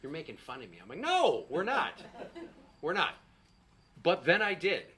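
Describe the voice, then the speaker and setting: A man's voice: on the high side, big pitch swings, fairly quick, sharp tone. A middle-aged man doing a stand-up set, telling a profane, exasperated story and acting out the quotes. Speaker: stand-up comedian.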